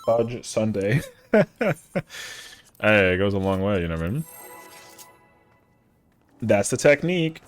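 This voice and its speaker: A man's voice: on the low side, big pitch swings, unhurried, long pauses, soft background music. Joking young man chatting while gaming. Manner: joking, playful boasting with slang. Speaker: streamer playing an online game. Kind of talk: casual chat while gaming.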